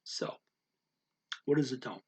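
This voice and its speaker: A man teaching the tones of Mandarin in a casual spoken lesson, unhurried and halting, stopping to demonstrate with exaggerated high and low sounds. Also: slight background noise. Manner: unhurried, halting with fillers and restarts.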